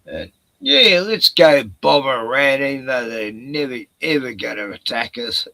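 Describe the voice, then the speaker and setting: Gravelly Australian man ranting slowly. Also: mid-range voice, lively intonation, bright, forceful tone, no room sound, low-quality recording. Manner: profane, ranting, reads viewer comments aloud; drawn-out filler sounds and restarts. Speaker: livestream host. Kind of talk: rambling solo livestream chat.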